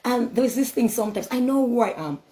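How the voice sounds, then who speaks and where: A woman who speaks English as a second language gives a motivational talk woven with scripture, emphatic and repetitive and full of rhetorical questions. Her voice is on the high side, mellow and lively in intonation, brisk in pace, and the recording is low quality.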